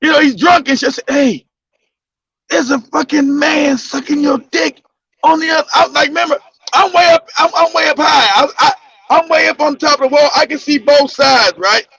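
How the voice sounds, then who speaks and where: A man telling a crude story in loud, casual, profane talk, laughing and breaking into shouts. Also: very high-pitched, fast, no room sound. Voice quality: gravelly. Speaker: podcast host telling a story. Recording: dull lo-fi dry sound.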